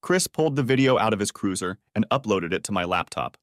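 A man narrating a story in the first person, with an animated, scripted delivery. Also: fairly low pitch, brisk, no room sound, studio quality.

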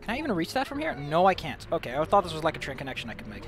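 Male streamer, self-mocking jokester, sudden loud outbursts, slightly high voice. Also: wildly swooping pitch, racing. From Netherlands. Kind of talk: casual gameplay commentary. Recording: game music playing behind.

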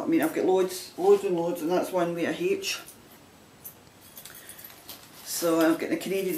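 A chatty Scottish woman rambles cheerfully as she shows off her knitting finds. She sits back from the mic in a roomy space, with a faint hum of background noise. Her pitch sits mid-range for a woman. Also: darkish tone, far from the mic. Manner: chatty and rambling, with frequent laughs. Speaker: knitting vlogger. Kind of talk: casual chat showing items to camera.

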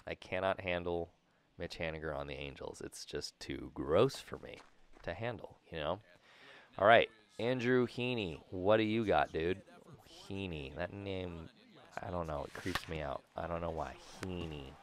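A man giving casual, rambling commentary over a baseball video game, goofy with sudden excited outbursts. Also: low-pitched, measured pace. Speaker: gaming YouTuber.

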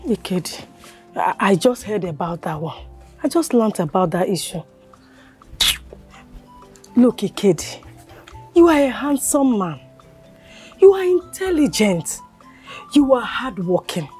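An actress with a Nigerian accent playing a patient village elder who gently counsels a young man by name. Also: mid-range voice, sing-song, a little slow, long pauses, slightly rough, faint music behind. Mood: coaxing. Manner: coaxing, calls him by name.

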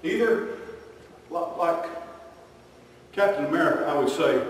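A man preaching a sermon, telling stories and acting out voices with lively energy. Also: on the high side, unhurried. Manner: animated storytelling with acted-out voices. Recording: echoey hall from far off.

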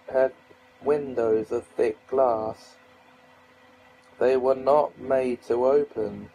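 Slow, mellow male audiobook reader. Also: mid-range voice, slight background noise, low-quality recording. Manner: slow, measured storytelling. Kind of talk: reading a novel aloud.

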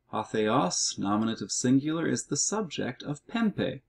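A middle-aged man explaining grammar in a recorded language lesson walkthrough, reading words out slowly and methodically. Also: mid-range voice, very animated, gravelly, husky. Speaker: Greek teacher.

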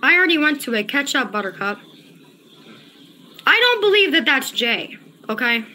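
Woman livestreamer, agitated and cussing, high and lively pitch, repeats lines. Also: normal speed, a little hiss or hum. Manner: agitated, profane, repeats herself. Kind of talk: casual livestream chat, reading chat.

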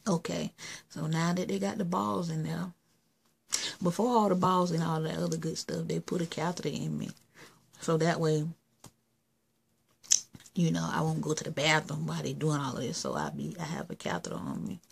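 A woman's voice: low-pitched, normal speed, gravelly, long pauses, husky. A woman giving a casual vlog update, rambling and plainspoken, with a sore throat. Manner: rambling, plainspoken, explains step by step. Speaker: vlogger.

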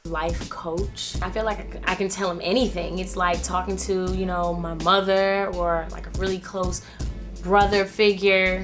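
A woman's voice: lowish voice, flat delivery, normal speed, over music. A woman, a singer and dancer, gushing in a comedy mock interview and filling her talk with "like" and "you know".

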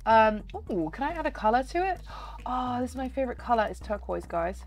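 A woman chatting excitedly through gameplay commentary, her voice nasal and slightly hoarse. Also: on the high side, brisk. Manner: chatty and excitable, talking to viewers. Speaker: gaming channel host.

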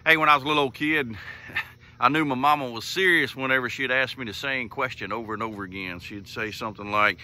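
A man's voice: mid-range voice, fairly quick, pushed and bright. A middle-aged man, hosting a morning devotional commentary in a folksy, homespun storytelling manner. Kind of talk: casual faith talk.

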